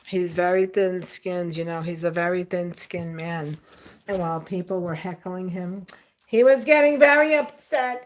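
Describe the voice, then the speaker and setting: A woman's voice: lowish voice, measured pace. A woman hosting her own channel, ranting in a blunt, profane, sarcastic way to her viewers. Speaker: channel host. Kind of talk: casual ranting vlog.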